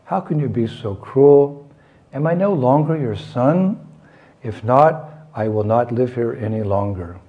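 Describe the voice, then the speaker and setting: A man's voice: medium pitch, lively intonation, a little slow, highs cut off. A man voicing a mischievous young boy who protests, then pleads with his mother. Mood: hurt.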